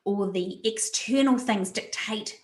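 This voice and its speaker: A woman's voice: mid-range voice, slow pace, darkish tone, roomy sound. A woman presenting a resilience webinar over a video call, talking animatedly and repeating words for emphasis. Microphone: video call mic.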